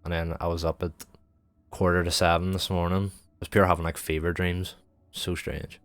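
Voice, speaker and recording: A man's voice: sits low, flat delivery, normal speed, a bit bright, dry recording. A young man streaming, chatting in a loose, rambling way, swearing freely and filling every gap with "like". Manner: sweary, rambling, heavy use of filler "like". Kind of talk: casual rambling chat.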